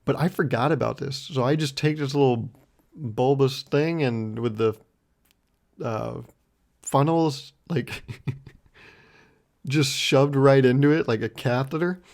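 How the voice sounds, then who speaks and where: A young man talks alone on his podcast, laughing at himself as he rambles through a story. His voice sits at a middling pitch, and his talk is loose and profane. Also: slow pace, gravelly, long pauses, a little mellow. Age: 20s. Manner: rambling, self-mocking, laughs often, swears freely. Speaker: podcast host. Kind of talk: solo comedic storytelling.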